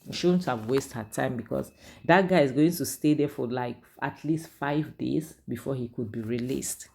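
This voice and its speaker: A woman's voice: very deep voice, normal speed, creaky, a little mellow. A woman, casually recapping and reviewing a drama series in a chatty, opinionated way. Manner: chatty, opinionated, frequent "like" and "you know".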